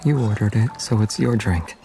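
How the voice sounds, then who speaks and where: An actor playing a calm, gentle young male hunter who speaks softly and breathily, with quiet concern. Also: fairly low pitch, moderate pace, soft background music. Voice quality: soft, breathy.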